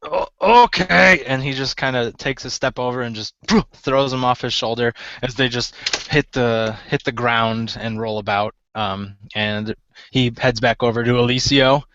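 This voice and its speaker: A man narrating as game master in a relaxed way, with many fillers. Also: mid-range voice, normal speed, no room sound, highs cut off.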